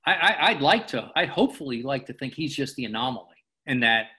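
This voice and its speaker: A man's voice: mid-range voice, animated, bright, forceful tone. Earnest man stumbling over his words. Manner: earnest, halting, repeats words while thinking. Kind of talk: casual interview conversation.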